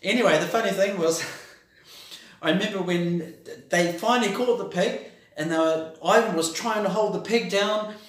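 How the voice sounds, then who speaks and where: A man's voice: high-pitched, normal speed. A man with a New Zealand accent giving a rambling, hesitant birthday tribute to his sister, full of ums. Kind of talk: casual spoken birthday message. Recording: very echoey room.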